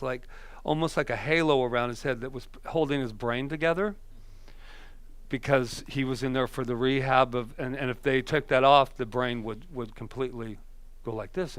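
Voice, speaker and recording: A man giving a sermon as a minister, telling stories in a conversational, animated way with hesitations and restarts. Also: mid-range voice, dry recording. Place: church.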